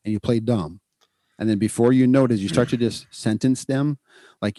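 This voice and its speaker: A man hosting a podcast, explaining child behavior training in a casual, animated way and acting out what parents and kids say. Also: fairly low pitch, a little fast, dry recording, clean studio sound. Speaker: podcast host, clinician.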